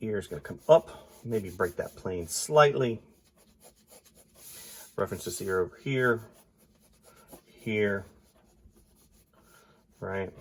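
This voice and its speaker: Congested male artist, husky and low-pitched, casually narrating his drawing with mumbled asides. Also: slow, long pauses. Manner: thinks aloud while drawing, often trailing into quiet mumbles. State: congested, stuffy nose.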